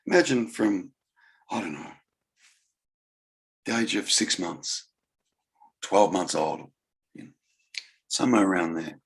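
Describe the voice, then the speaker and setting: A man giving an unhurried spiritual talk, pausing often and musing gently. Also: sits low, lively intonation, vocal fry. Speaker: spiritual teacher. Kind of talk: slow reflective talk.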